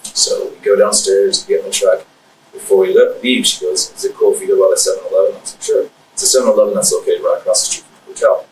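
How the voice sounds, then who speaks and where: Low-voiced guy stumbling through his story, lots of ums, mic far off in a roomy space. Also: big pitch swings, a little mellow. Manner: halting, hesitant, many fillers and restarts. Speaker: interviewee in police interview. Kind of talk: recorded police interrogation. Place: police interview room. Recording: echoey distant room mic with faint noise.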